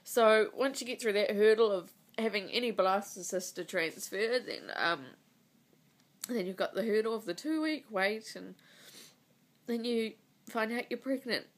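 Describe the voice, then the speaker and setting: A woman in her thirties recording a personal video diary on her phone. She is crying, and she talks in a halting, emotional way, with sighs between her words. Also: medium pitch. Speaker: vlogger. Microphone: phone mic.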